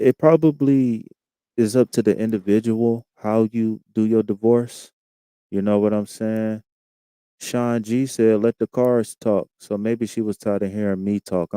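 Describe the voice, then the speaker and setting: Deep, dark-voiced man hosting a live stream. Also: clean tone, dry recording. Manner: laid-back, slangy, reads out chat comments. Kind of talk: casual live-stream chat.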